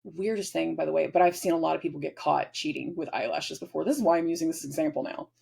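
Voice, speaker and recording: Husky raspy-voiced lady rambling through a star forecast, acting out little bits. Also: low voice, darkish tone. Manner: rambling, acts out little scenes in quick voices. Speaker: astrology host. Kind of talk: casual astrology forecast.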